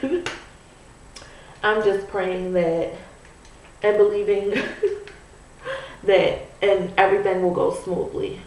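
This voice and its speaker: A pregnant woman talks slowly and chattily to camera while curling her hair, often pausing on "you know." Her voice sits back from the mic and rings strongly around the room. A faint hiss runs underneath. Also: mid-range voice, flat delivery, darkish tone, distant mic. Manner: chatty and musing, full of "you know" and "I'm like". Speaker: vlogger. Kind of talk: casual chat to camera. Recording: echoey room, voice away from the mic, faint noise.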